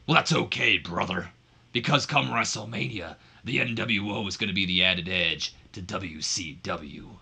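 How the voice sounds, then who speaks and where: A man's voice: lowish voice, normal speed, vocal fry, sharp tone, husky, heavily acted. A man putting on a swaggering, showboating veteran wrestler promo.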